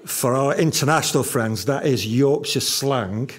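Slow, emphatic male preacher. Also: medium pitch. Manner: slow, emphatic, repeats key lines. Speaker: pastor. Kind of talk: sermon.

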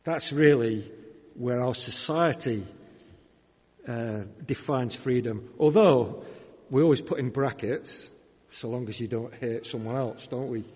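A man with a Yorkshire accent preaching a sermon in a measured, conversational way, asking his listeners questions. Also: mid-range voice, warm tone, breathy edge, big-room sound. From Yorkshire, England.

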